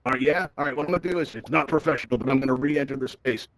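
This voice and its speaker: Man, virtual-reality tutorial host, rapid delivery, dry close sound, upbeat, chatty, headset mic. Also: medium pitch, fairly bright tone, no room sound, low-quality recording. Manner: chatty, upbeat, keeps asking "right?". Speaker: VR event host.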